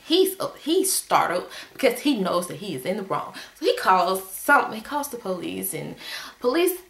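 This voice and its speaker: A woman casually telling a story to her viewers in a vlog, retelling it with exasperated, animated energy. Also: moderate pace, vocal fry, reverberant. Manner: animated, exasperated retelling with sudden pitch jumps.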